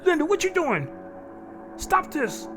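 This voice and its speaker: A man voicing a terrified victim begging for mercy in a panicked, high-pitched voice. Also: wildly swooping pitch, measured pace, over music, full character voice. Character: terrified pleading man being attacked.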